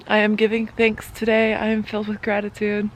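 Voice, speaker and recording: A woman's voice: medium pitch, completely flat delivery, moderate pace, background noise. A woman in her thirties from Michigan, narrating her vlog in an earnest, reflective way. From Michigan, USA. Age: 30s. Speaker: vlogger.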